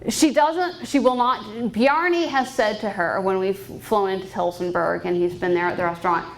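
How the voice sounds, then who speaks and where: A woman's voice: mid-range voice, normal speed, gravelly, slight background noise, low-quality recording. A woman in her thirties, a private pilot, giving a candid, upbeat personal talk at a fundraising banquet and laughing often. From Canada. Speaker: guest speaker and private pilot. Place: banquet hall.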